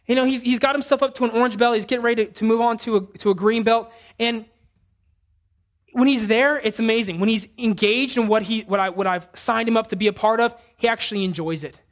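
A male pastor preaches in a lively, storytelling manner. He often stops and restarts his sentences and acts out family scenes as he speaks. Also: very high-pitched, fast. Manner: animated storytelling with frequent restarts. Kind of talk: sermon.

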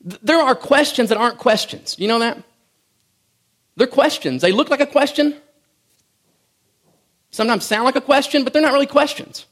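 A middle-aged pastor preaching a sermon in a conversational, folksy way, swinging from loud bursts to hushed asides. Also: male voice, extremely high pitch, normal speed, long pauses. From rural farm background.

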